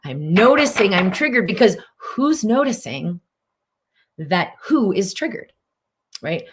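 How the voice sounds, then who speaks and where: A woman hosting a live-streamed mind-body teaching talk. She speaks in an earnest, coaching way, repeats key phrases, and acts out panicked reactions with sudden high outbursts. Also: very animated, measured pace, background noise.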